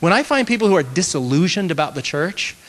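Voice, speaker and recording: Male pastor, slightly high voice, earnest and self-mocking, long hall reverb. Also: quick pace. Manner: earnest, animated storytelling with self-mocking humor. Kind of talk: conversational teaching talk to a group.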